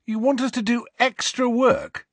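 A man's voice: very high-pitched, flat delivery, unhurried, dry recording, pitched above the performer's own voice. A man voicing a glum, blunt teenage boy who grumbles and complains. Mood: grumbling.

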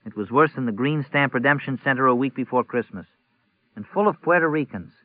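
A man's voice: mid-range voice, lively intonation, a little fast, dry recording, voice pushed up, lightly acted. A man voicing a sardonic, grumbling middle-aged mother who is sick with a cold. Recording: tinny phone-like audio.

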